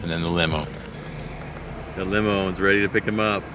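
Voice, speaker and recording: A man's voice: sits low, steady tone, a little fast. A man hosting a casual vlog at a wedding, chatty and upbeat, laughing often. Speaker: vlog host. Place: outdoor wedding venue. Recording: music and crowd behind.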